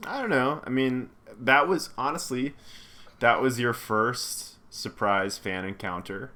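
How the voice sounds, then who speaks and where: Bright-voiced, teasing male co-host. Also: medium pitch, a little slow. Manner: teasing, dry quips. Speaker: podcast co-host. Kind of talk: casual chat.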